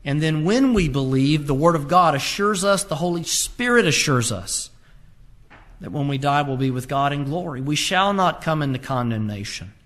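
A man's voice: on the high side, lively intonation, normal speed, fairly bright tone. A man preaching a sermon, quoting scripture with emphatic rises and drops in his voice. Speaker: pastor.

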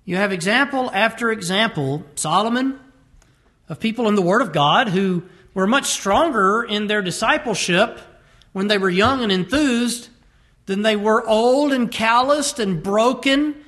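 High-ish male preacher, emphatic sermon, drags out key words then speeds up. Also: measured pace, a bit bright. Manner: emphatic, varies pace to stress words.

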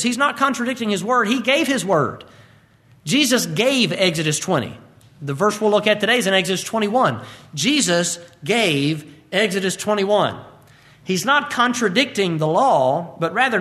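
Man, pastor, sermon, high-pitched voice, measured scripture reading, emphatic explanation, rhetorical questions. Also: a bit bright. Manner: reads scripture in measured King James cadence, then explains briskly. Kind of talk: expository sermon.

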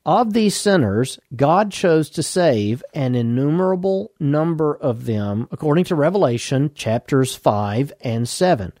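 A man giving a doctrinal Bible teaching as a podcast teacher, measured and leaning hard on key words. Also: a little high, very animated, a little mellow, no room sound, studio quality.

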